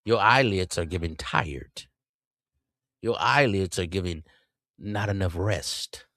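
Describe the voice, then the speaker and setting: A man's voice: low voice, takes it slowly, bright, forceful tone, no echo, clean studio sound. A man hosting a podcast, teasing and roasting his co-host with bursts of mock outrage. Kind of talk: comedic casual chat.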